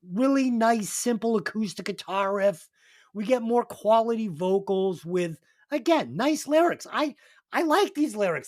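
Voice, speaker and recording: A man's voice: high-pitched, no echo, clean studio sound. Foul-mouthed man hosting a podcast. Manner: profane, laughing anecdote teller. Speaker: podcast host, album reviewer. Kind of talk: casual podcast chat.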